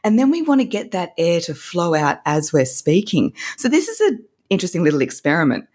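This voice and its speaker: A woman's voice: fairly low pitch, big pitch swings, brisk, a little mellow, breathy edge. A woman, a voice coach, explaining her course in an upbeat, instructive way as an interview guest. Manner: upbeat, instructive, demonstrates vocal techniques.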